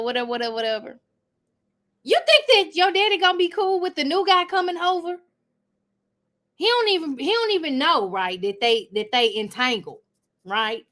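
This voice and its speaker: A high, lively woman's voice swings up and down as she hosts a live reaction stream from home. She laughs hard and keeps turning to her viewers, and her tone is bright and sharp. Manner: loud laughing, animated, talks to viewers. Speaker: commentary host.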